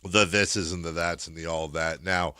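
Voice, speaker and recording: A man's voice: deep voice, steady tone, moderate pace, sharp tone, smooth, no room sound, studio quality. A man hosting sports radio, chatting casually and rambling with lots of fillers. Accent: American. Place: radio studio. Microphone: studio microphone.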